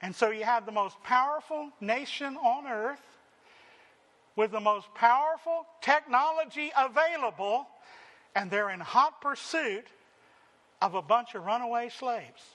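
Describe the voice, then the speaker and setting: A man preaching a sermon, acting out the quoted lines and swinging from loud emphasis to hushed, drawn-out phrases. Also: very high-pitched.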